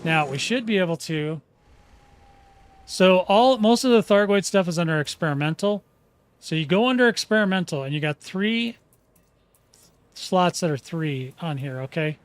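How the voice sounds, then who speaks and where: A man's voice: high voice, expressive, normal speed, long pauses, clear, resonant tone, no room sound. A man hosting a casual game tutorial, folksy and chatty, often restarting sentences and checking in with "okay?". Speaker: gaming channel host.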